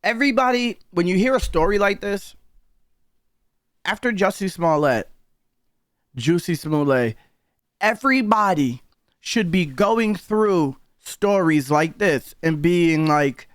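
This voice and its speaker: A man's voice: a little high, unhurried, dry recording, clean studio sound. A man giving casual reaction commentary, heated and profane, openly disbelieving what he hears.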